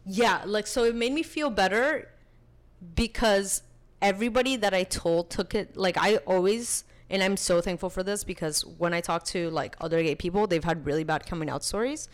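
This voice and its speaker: A woman in her twenties, a podcast guest, telling her story in casual, chatty talk full of "like", lively and animated as she retells it. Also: mid-range voice, normal speed. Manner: chatty, peppers speech with "like".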